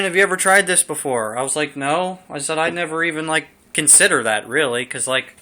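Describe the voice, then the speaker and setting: A young man chats loosely through a beer review in a room at home, filling his sentences with fillers and side stories. His voice sits a little high and sounds bright and forward. The sound comes from a simple camera mic. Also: smooth. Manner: rambling, chatty, lots of fillers. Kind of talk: casual home video review.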